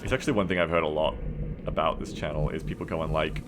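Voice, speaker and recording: A man streaming a strategy game live, excitable and rambling, swearing freely as he plays. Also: extremely low pitch, quick pace, loud music behind the voice. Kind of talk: casual gaming livestream commentary.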